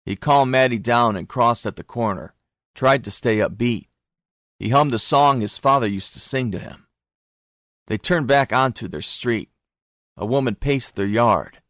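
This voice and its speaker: A man narrating an audiobook in a steady, even storytelling manner. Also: mid-range voice, a little slow, no echo, clean studio sound.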